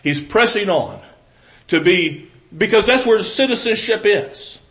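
A man preaching in a Southern US accent, with a voice pitched a little above most men's. He talks earnestly, restarting phrases, and moves between loud, emphatic lines and soft, close asides. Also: lively intonation, measured pace, low-quality recording. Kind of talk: sermon.

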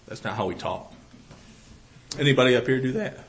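A man with a Southern US accent preaching a sermon to a congregation, earnest, often restarting phrases, swinging between loud emphasis and soft, intimate asides. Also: mid-range voice, expressive, fairly quick, background noise.

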